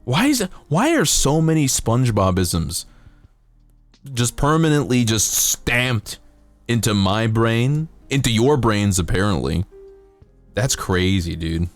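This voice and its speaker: A man chatting on a livestream as he builds a model kit, rambling from one joke to the next and jumping into silly voices. His pitch moves a lot from line to line, and his throat sounds dry. Faint music plays under him. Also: very animated, slow pace, no room sound. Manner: rambling, jokey, bursts into silly high voices and singing. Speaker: streamer.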